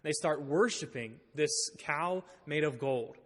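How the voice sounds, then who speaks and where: A man's voice: fairly high pitch, slow, fairly bright tone. A man preaching a sermon in a church, reading scripture aloud and explaining it with light humor. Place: church sanctuary. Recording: long reverb in a church hall.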